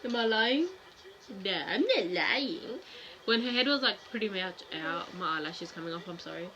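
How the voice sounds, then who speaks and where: Bright-voiced young woman vlogger. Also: medium pitch, normal speed, lo-fi sound, slight background noise. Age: young adult. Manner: frank, animated, acts out quoted voices. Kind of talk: casual storytelling to camera.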